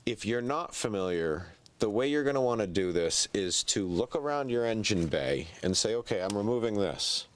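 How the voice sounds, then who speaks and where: A man's voice: on the low side, normal speed, hardly any pauses. A congested man who breathes through his mouth, talking casually and a bit sarcastically as he takes apart a car engine in a garage, his breathing caught up close by a good mic. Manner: relaxed, chatty, mildly sarcastic, with fillers. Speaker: home mechanic. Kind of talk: casual how-to narration while working. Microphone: good-quality mic picking up breathing.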